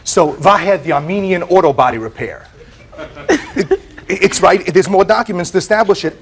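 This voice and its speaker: Animated American man telling his story. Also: high voice, moderate pace. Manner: animated storytelling with repeated words and quoted voices. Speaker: plaintiff. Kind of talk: courtroom testimony.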